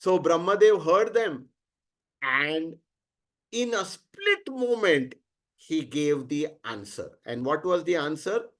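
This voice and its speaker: A man with an Indian accent teaching through an animated story, mixing English with Hindi and putting rhetorical questions to his listeners. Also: a little high, slow pace. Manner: switches freely between English and Hindi. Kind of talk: storytelling lecture.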